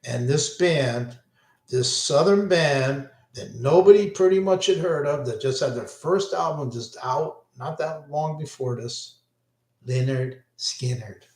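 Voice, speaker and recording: Older New man, slow unhurried ramble, mid pitch, roomy echo; casual vlog monologue. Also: darkish tone. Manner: rambling, self-interrupting, enthusiastic. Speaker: vlogger recalling concerts. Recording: echoey room.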